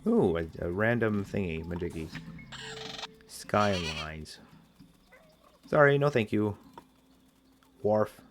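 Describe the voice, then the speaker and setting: A man's voice: on the low side, animated, takes it slowly, long pauses, a little hiss or hum. A man giving casual, rambling let's-play commentary in a playful way, often restarting his sentences. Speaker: gameplay commentator.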